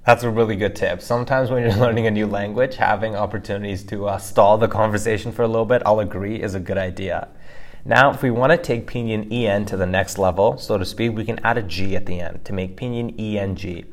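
A man's voice: fairly low pitch, steady tone, a little fast. A man co-hosting a casual podcast lesson, explaining pronunciation and often checking in with "right?". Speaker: co-host teaching pronunciation.

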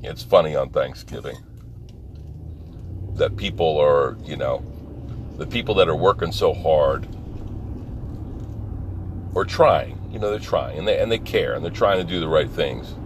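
A man's voice: extremely low pitch, expressive, unhurried, pauses often. A man talking in a rambling, profane, casual monologue from a parked car, laughing often. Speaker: vlogger. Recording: car and street noise behind. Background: car and street noise.

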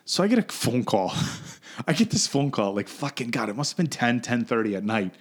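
A man's voice: medium pitch, sing-song, a little fast. A man, co-hosting a podcast and telling a long, profane story with frequent laughs. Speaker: podcast co-host. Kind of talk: casual storytelling chat.

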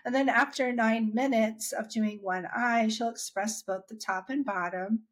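A woman's voice: a little high, fairly even intonation, unhurried. A woman chatting about her own experience, talking freely with restarts and quoting herself and others as she goes. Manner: chatty, with many restarts and acted-out quotes. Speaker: interviewee sharing her dry eye story. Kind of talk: casual conversational storytelling.

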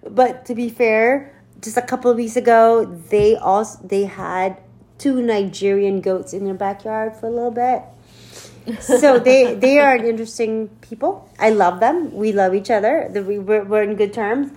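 Animated woman telling a wild story. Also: a little high, normal speed. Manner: animated, laughing, swearing storyteller. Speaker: podcast co-host. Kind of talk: casual storytelling chat.

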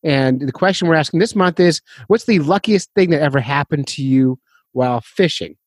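A man's voice: fairly high pitch, lively intonation, moderate pace, dry recording. A man hosting a fishing podcast in a casual, rambling, self-deprecating way, laughing often. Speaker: podcast host.

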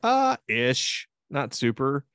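A man's voice: mid-range voice, very animated, slow, a bit bright, smooth, no room sound, clean studio sound. A man co-hosting a podcast, telling stories in a casual, profane, laughing way. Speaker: podcast co-host. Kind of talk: casual banter.

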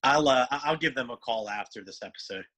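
Man, bright tense voice, dry jokes, casual podcast co-host. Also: medium pitch, fast, rough recording.

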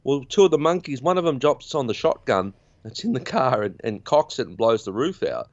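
A man's voice: medium pitch, very animated, a little fast, no echo, lo-fi sound. A man hosting a podcast, recapping a film in a chatty, rambling way. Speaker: podcast host. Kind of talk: casual film recap chat.

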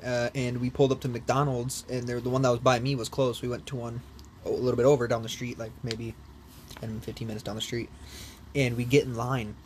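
A young man spinning a rambling story in casual talk, swearing freely and breaking into laughs. His voice sits at an ordinary pitch for a man. A faint hiss of noise runs under the recording. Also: fairly quick. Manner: animated storyteller, swears a lot, laughs often. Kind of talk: casual chat.

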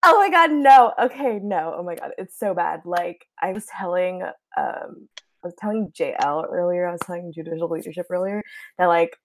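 A young woman hosting a casual chat, giggly, excitable and flustered. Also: on the low side, normal speed. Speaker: host.

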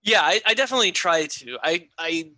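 A woman's voice: on the low side, expressive, fairly quick, bright, forceful tone, no room sound. A woman chatting casually about playing tabletop role-playing games. She often repeats words as she starts a thought. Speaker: tabletop game player. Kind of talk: casual podcast chat.

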